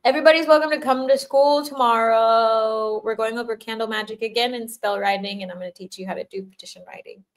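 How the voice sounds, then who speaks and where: A woman's voice: on the high side, steady tone, quick pace. An older woman hosting a livestream as a spiritual teacher, chatting casually in a playful, giggly way and laughing often.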